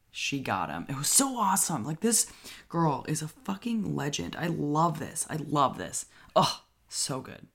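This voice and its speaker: A speaker casually recapping a horror film, excitable and full of fillers and swearing. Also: mid-range voice, gravelly. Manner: excitable, heavy use of "like", swears. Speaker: horror movie reviewer.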